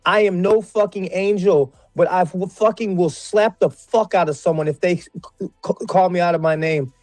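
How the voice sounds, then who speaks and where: A man on a livestream panel in an angry, profanity-heavy rant. He restarts his sentences and keeps repeating himself, and his voice pitches sharply upward as he shouts. The audio is dry and close, with faint music underneath. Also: moderate pace, no echo. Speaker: panel guest.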